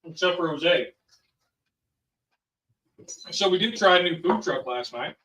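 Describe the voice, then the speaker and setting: A man's voice: high voice, lively intonation, a little slow, pushed and bright. A father hosting a family vlog, chatting casually and rambling with plenty of ums and sos. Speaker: father and channel host. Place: home kitchen. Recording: roomy, from a distance.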